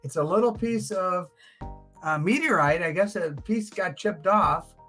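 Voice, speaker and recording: A man's voice: high-pitched, a little slow, a bit bright, soft background music, rough recording. An older man hosting a live coin auction stream, joking and chuckling between bids. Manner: joking, chuckling, teasing asides. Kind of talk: casual live auction patter.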